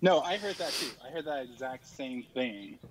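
A man's voice: mid-range voice, expressive, normal speed, rough recording. A man calling into a show on the phone, talking casually and sprinkling in lots of fillers. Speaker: caller.

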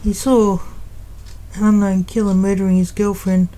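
A woman reading a fan story aloud in a plain, unhurried way. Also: medium pitch, flat delivery, warm tone, poor audio. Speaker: narrator.

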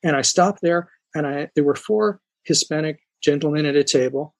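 A psychologist from New York, a man, talking as a guest in a podcast interview and telling an anecdote with lively restarts. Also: on the high side, normal speed, gravelly, dry recording. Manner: animated storyteller, frequent restarts.

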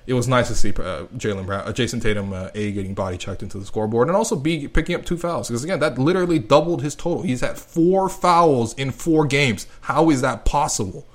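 A man's voice: medium pitch, fast talker, few pauses. Sarcastic rambling young man podcaster. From Canada. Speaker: podcast host. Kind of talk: casual solo sports podcast.

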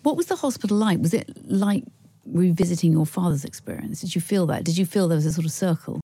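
A woman interviewing a guest, asking probing follow-up questions in quick runs. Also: fairly low pitch, dark tone, breathy edge, no room sound.

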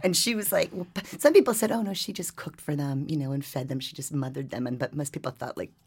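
A woman reporter, a regular on the podcast, reading and then telling a ghost story in a lively, animated way. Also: sits low, fast talker, slightly rough. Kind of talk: storytelling and casual chat.

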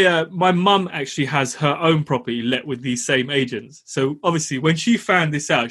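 A young man telling a long story about his rented house, animated, laughing as he talks and swearing now and then. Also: high voice, breathy edge. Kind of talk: casual storytelling.

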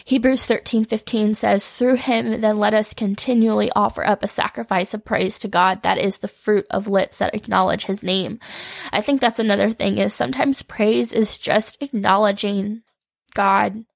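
Tearful woman, flat and gravelly. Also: mid-range voice, normal speed, no echo. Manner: earnest, scripture-quoting, vulnerable. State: holding back tears. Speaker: podcast host. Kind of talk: unscripted devotional talk.

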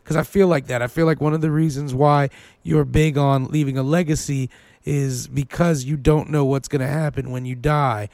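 A man with a gravelly, fry-heavy voice puts searching questions to his co-host in relaxed podcast talk. The sound is dry and close. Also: on the high side, moderate pace, no echo. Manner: probing, thoughtful questions. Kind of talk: casual chat.

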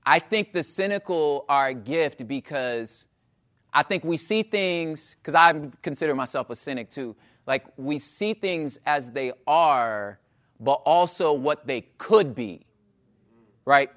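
Casual slang-heavy preacher, a man in his thirties, pitched high, talks like chatting with friends. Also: slow pace. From Los Angeles area. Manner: animated, slangy, asks the crowd "you know what I'm saying". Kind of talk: conversational sermon.

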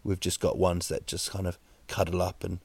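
A man with a New Zealand accent hosting a solo podcast, rambling deadpan jokes with many fillers and restarts. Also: low-pitched, moderate pace, vocal fry, breathy edge, no room sound. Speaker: podcast host. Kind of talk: solo comedic podcast monologue.

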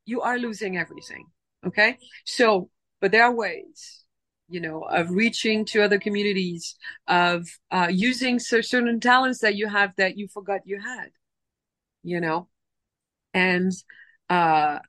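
Animated motivational woman, dry close sound. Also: medium pitch, a little slow, dry recording. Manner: animated, motivational, acts out inner voices. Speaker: guest, dubbing producer. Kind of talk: casual podcast interview.

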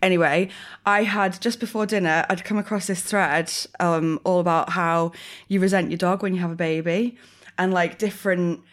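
A woman's voice: fairly low pitch, moderate pace. A young woman, eight months pregnant, telling rambling stories in a casual podcast chat. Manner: rambling, animated storytelling with frequent fillers. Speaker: podcast co-host.

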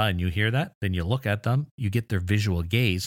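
A man with a very low voice hosts an educational podcast in a dry, close-miked recording. He explains clearly and eagerly, throwing in mildly exasperated asides. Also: a little fast, dry recording. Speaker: podcast host.

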